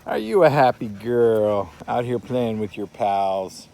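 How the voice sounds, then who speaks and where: A man filming his dogs outdoors in a yard, talking to them in a coaxing way and gently scolding their rough play. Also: lowish voice, lively intonation, slow pace. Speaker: dog owner filming his pets. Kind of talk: casual talk to pets.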